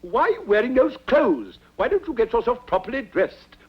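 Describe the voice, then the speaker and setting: An actor playing a fussy, easily flustered rich Egyptian lord who blusters and hedges. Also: male voice, extremely high pitch, sing-song, normal speed, breathy edge, muffled recording, full character voice.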